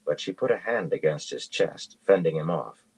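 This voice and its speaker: A man reads a fantasy novel aloud at a steady, even pace. His voice is extremely deep and has a husky grain to it. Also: normal speed, poor audio. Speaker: audiobook reader.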